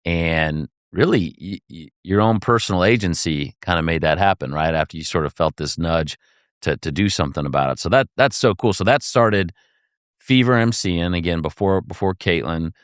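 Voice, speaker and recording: Deep-voiced male podcast host. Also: moderate pace, smooth, no echo, clean studio sound. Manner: encouraging, frequent affirmations. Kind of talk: interviewing.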